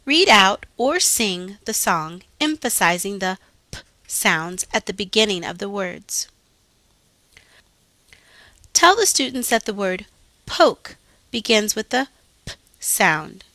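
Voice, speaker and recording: A woman reading out scripted teaching instructions in a slow, deliberate, carefully enunciated way. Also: mid-range voice, bright, forceful tone, dry recording.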